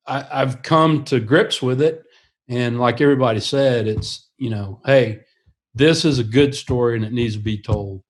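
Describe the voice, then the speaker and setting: A man who pilots attack helicopters, a podcast guest telling his stories in an earnest, casual way and laughing often. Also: mid-range voice.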